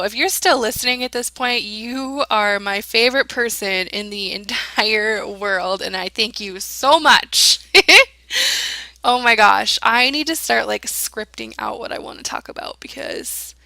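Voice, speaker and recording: A tired young woman talks casually over her game build, rambling and giggly, often laughing at herself. Her voice is bright and a little high. The recording is dry and close. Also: no echo. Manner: rambling, chatty, giggly, self-deprecating. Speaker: gaming channel host.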